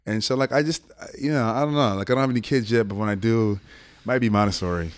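A man's voice: lowish voice, fast talker, clear, resonant tone. A man in casual podcast conversation, reflective, often laughing and repeating words as he gathers his thoughts. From United States. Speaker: podcast guest.

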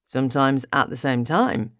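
A woman's voice: a bass voice, normal speed, dry recording, clean studio sound. A woman voicing a playful young boyfriend. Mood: teasing. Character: affectionate young adult man, playful teasing boyfriend. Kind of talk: audiobook character voice.

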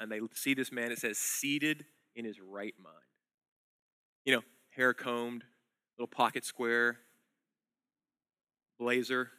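In a dry recording, a man with a medium-pitched voice preaches as a pastor. He tells a story in a conversational way, moving back and forth between loud, emphatic moments and hushed lines.

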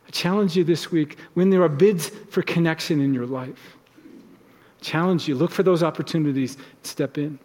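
A man's voice: a little high, darkish tone, big-room sound. A man preaching a sermon as a pastor in his church, talking conversationally and acting out short everyday exchanges. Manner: conversational, acts out little example dialogues.

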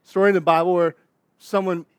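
A young adult pastor, preaching a sermon in a conversational, animated way, with asides and acted-out quotes. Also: male voice, sits high, a little fast, smooth, no room sound, studio quality.

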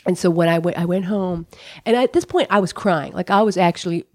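A woman's voice: on the low side, fairly quick, darkish tone, no echo, studio quality. A middle-aged American woman telling a personal story, candid and profane, with lots of "like" and "you know". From United States. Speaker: comedian guest.

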